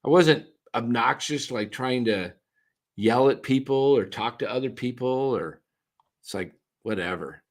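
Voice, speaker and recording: Man, mid-pitched voice, casual postgame chat, rambling, trails off and restarts. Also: unhurried. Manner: rambling, restarts sentences often. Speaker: podcast co-host. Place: attended the game in a ballpark, now talking on a stream.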